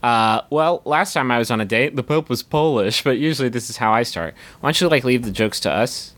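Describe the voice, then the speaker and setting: Male comedy podcast co-host, wry reader, mid-pitched ordinary voice. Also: fairly quick, a bit bright. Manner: wry, reading out questions with mock outrage. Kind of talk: comedic casual chat.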